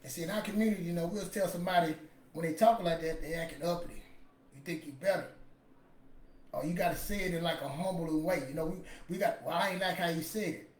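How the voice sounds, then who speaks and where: A man's voice: fairly high pitch, fast talker, darkish tone, far from the mic. A man, casually telling a motivational story in a rambling, emphatic way. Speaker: podcast host. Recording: echoey room with faint ambience.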